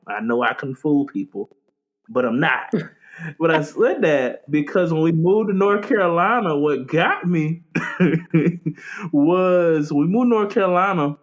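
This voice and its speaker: A fairly high-voiced young man from Florida chats on a faith podcast. He acts out other people's lines in stories and laughs often. His delivery is loose and conversational. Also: muffled recording. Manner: animated storyteller, acts out quotes, laughs often. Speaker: podcast co-host. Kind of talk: casual chat.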